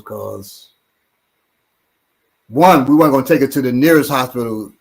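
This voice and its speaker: A man's voice: mid-range voice, moderate pace, gravelly, pauses often, husky. A man co-hosting a casual podcast, rambling with repeated words, occasional swearing and easy laughs. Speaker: show co-host and self-defense trainer.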